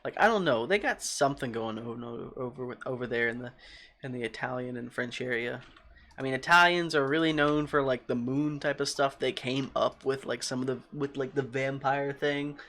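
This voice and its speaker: A young man streaming a game, rambling and joking in a casual, often quiet voice, talking into a desk microphone at home. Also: mid-range voice. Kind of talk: casual gaming stream commentary.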